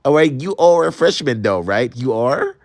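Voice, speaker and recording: A man's voice: medium pitch, very animated, normal speed, no room sound, studio quality. A man voicing a sassy, overly friendly big college guy who flirts. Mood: flirty, sassy.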